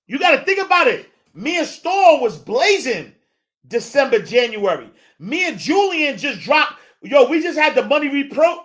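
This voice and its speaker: A man hosting a motivational faith talk. He speaks in animated, repetitive, preacher-like build-ups, uses street slang and calls his listeners y'all. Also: very high voice, normal speed. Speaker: host.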